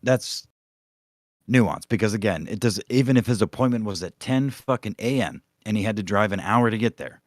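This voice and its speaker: A man's voice: lowish voice, normal speed, no echo. A man hosting a casual livestream podcast, talking in a rambling, profane, sarcastic way into a close microphone. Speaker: podcast host.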